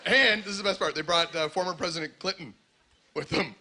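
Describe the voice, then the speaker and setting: Sardonic Canadian stand-up comedian. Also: male voice, high-pitched, a little fast. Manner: sardonic, conversational storytelling. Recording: loud background noise.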